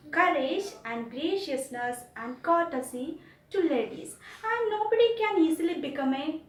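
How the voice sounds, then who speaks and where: Woman teacher from india, high voice, slow deliberate pace, repeats for kids, echoey room, off mic. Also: distant mic. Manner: repeats and explains slowly to children. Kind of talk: online class lesson.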